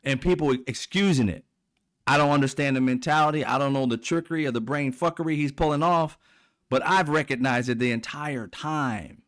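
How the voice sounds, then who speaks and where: A man's voice: mid-range voice, a little fast, a bit bright. A middle-aged man, hosting heated political commentary in a blunt, profane, mocking way. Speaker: commentary channel host.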